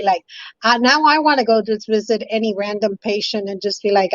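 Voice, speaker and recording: A woman's voice: a little high, brisk, no room sound, dull audio. Indignant woman hosting a talk show. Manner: emphatic, indignant, repeats herself. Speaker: host. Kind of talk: live call-in talk show.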